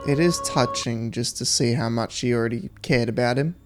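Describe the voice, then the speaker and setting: A young man chatting casually through a film reaction, laughing often and reacting with animated exclamations. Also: mid-range voice, normal speed, over music. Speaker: reaction video host. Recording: film audio playing loudly behind. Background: film soundtrack.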